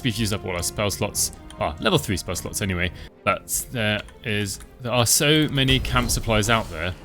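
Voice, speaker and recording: A man giving relaxed, chatty commentary over his own gameplay, thinking aloud as he plays. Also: mid-range voice. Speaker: gaming channel host.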